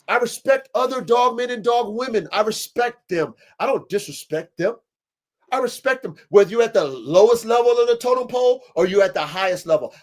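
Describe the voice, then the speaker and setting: A man hosting a livestream podcast, talking with preachy, emphatic conviction and lots of swearing. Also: sits high. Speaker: podcast host and dog breeder. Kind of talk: impassioned livestream podcast talk.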